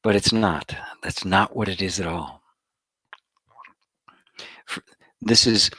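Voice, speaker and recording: A man with a low voice gives a meditative spiritual talk at an unhurried pace. His tone is bright and forward, and he lets some phrases fall into a hushed whisper. The sound is dry and close. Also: breathy edge, no room sound. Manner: slow, contemplative, drops to soft whispers for emphasis. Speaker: spiritual teacher. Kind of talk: satsang talk.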